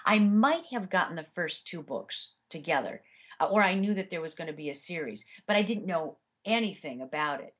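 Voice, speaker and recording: A woman's voice: lowish voice, expressive, normal speed, a bit bright, husky. A woman audiobook narrator answering interview questions in a chatty way, with many fillers and restarts.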